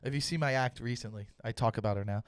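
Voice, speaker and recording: A young man, a comedian hosting his own podcast, ranting loudly in a mock-serious way and swearing for emphasis. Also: mid-range voice, fast talker, smooth, dry recording. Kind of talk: solo comedic rant.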